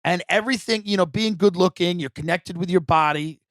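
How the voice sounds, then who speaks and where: Man, host, loud mocking banter, dry close sound. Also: high-pitched, brisk, no echo. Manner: mocking, loud impressions of others. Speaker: podcast host. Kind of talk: comedic podcast banter.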